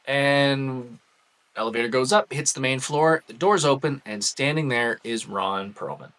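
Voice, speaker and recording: Guy vlogging, bright clear voice, laid-back storytelling w lots of ums. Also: medium pitch, unhurried. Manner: relaxed, chatty, with frequent ums and uhs. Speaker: cosplay vlogger. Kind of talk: casual anecdote storytelling.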